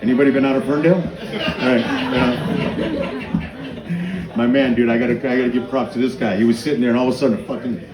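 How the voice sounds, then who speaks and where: A man's voice: medium pitch, steady tone, quick pace, pauses often. Profane stand-up man in an echoey bar. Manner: crude, profane storytelling with acted-out dialogue. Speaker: stand-up comedian. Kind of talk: open mic stand-up set. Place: small bar with a live audience. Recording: echoey room, audience noise. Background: crowd reacting.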